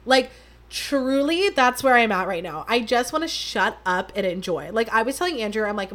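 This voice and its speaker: Young woman, podcast host, chatty, self-mocking, fairly high voice. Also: animated, fairly quick, fairly bright tone. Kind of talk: casual solo podcast chat.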